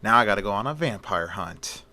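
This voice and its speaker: A man voicing a pompous, wealthy gentleman who scoffs and dismisses, in an amateur story reading. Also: fairly low pitch, expressive, a little fast. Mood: scoffing.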